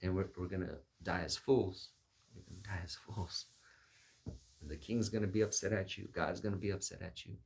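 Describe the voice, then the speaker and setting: Male preacher, deep gravelly husky voice, sermon delivery with acted-out bits. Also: normal speed. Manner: acts out Bible figures in lively voices.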